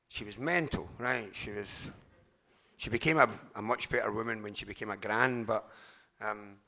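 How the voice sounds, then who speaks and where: A middle-aged Glaswegian man shares his recovery story at a convention. His voice is gravelly and edged with a bright, sharp tone. He talks in a raw, unpolished way, swears freely and often stops and restarts. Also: medium pitch. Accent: Glaswegian Scottish. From Scotland, Glasgow. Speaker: speaker sharing at a recovery convention.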